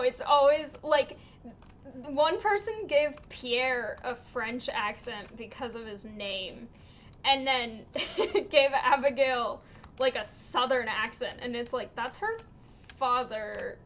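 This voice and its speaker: A woman livestreaming a game, chatting casually in an unhurried way, with lots of little laughs and ums. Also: high-pitched, expressive, fairly bright tone, dull audio. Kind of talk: casual chat while streaming a game.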